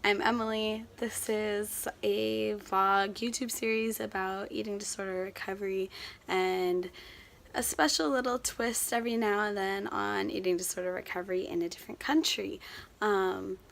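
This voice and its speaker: Young woman, hoarse after a cold, casual vlog talk, frequent ums, sometimes near-whispered. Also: mid-range voice, steady tone, moderate pace. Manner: many filler ums, soft drop to near-whisper at times. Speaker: vlogger. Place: home in Seoul.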